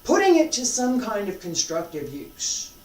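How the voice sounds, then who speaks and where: A martial arts instructor teaching a live class, emphatic and repetitive, swinging between loud and hushed. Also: mid-range voice, huge pitch swings, a little slow. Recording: roomy sound from a distant mic.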